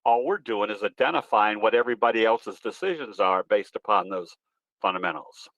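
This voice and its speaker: A man's voice: fairly low pitch, fairly quick, a bit bright, dry recording, rough recording. A man presenting at an online trading webinar, answering questions in a folksy, easygoing, rambling way. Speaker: guest presenter, trading educator. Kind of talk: webinar Q&A, explaining.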